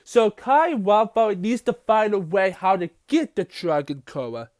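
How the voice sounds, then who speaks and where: High-voiced man recapping rambly. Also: big pitch swings, a little mellow, no echo, studio quality. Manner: halting, many fillers and restarts. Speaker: TV episode reviewer.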